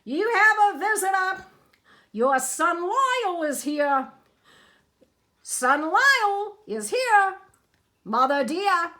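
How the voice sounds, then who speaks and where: A woman's voice: sits high, very animated, measured pace, fairly bright tone, exaggerated voice. A woman voicing a flamboyant, wheedling male showman for a storybook reading, in a sing-song, theatrical way. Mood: sing-song calling.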